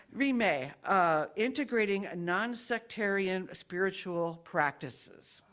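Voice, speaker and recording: A woman's voice: medium pitch, a bit bright. A woman giving friendly, rambling church announcements as board president, often stopping to correct herself.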